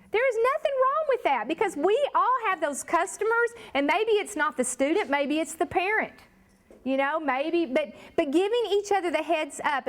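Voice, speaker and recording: Lively high-voiced woman trainer. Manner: lively, emphatic, addresses the room as y'all. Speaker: workshop trainer. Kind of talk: live training workshop talk.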